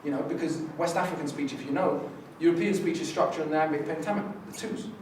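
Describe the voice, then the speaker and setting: A man speaks at a press conference in an animated, lecturing way, now and then acting out voices and rhythms. His voice sits a little high. The room is very echoey, the mic is well away from him, and there is a faint hiss. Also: fast, far from the mic. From United Kingdom. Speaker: rapper on a festival press panel. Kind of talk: passionate press conference talk.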